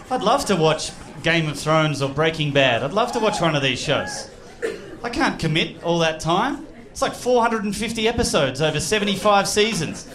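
An Australian man performing a stand-up comedy set on a club stage, animated and slipping into loud put-on voices. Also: sits high. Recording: live club recording with crowd noise. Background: audience laughter.

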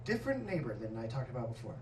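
A man's voice: medium pitch, very animated, rapid-fire, mellow, slight background noise. A man performing a stand-up set, telling a profane, self-mocking story. He is recorded on a comedy club stage with a laughing audience. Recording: roomy club, distant mic, laughing audience.

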